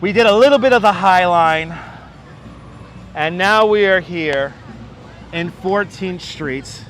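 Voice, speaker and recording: A man hosting a walking-tour livestream speaks at a slow pace in a high-pitched, fairly bright voice. Wearing a wireless clip-on mic outdoors on city streets, he chats casually, cracks jokes with viewers and often laughs, while faint street noise runs underneath.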